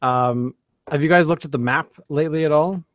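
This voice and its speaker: A man from Canada, speaking briskly in a slightly high voice, co-hosts a casual beer podcast chat full of rambling, fillers, and restarts. The recording sounds dry.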